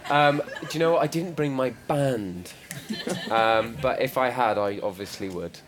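A man's voice: mid-range voice, lively intonation, moderate pace, a crowd in the background. A man, an actor, answering questions at a live panel, hesitant and self-deprecating, with frequent restarts. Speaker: actor and film star. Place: live panel event in a store.

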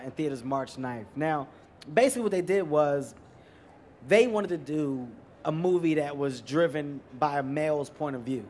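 Animated comedian from Philadelphia. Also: male voice, fairly high pitch, a little hiss or hum. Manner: animated, emphatic storytelling. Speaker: comedian guest. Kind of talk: moderated Q&A discussion. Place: live venue with audience.

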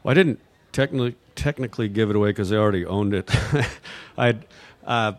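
Fielding audience questions, a man from New Mexico, USA, gives rambling, unscripted answers in a fairly low voice at a moderate pace. He hesitates, stalls on fillers, and restarts his sentences often. There is no room sound.

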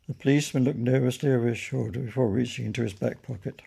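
A man, the author, reading his own children's story in a gentle, measured storytelling manner. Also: medium pitch, fairly even intonation, gravelly, breathy edge.

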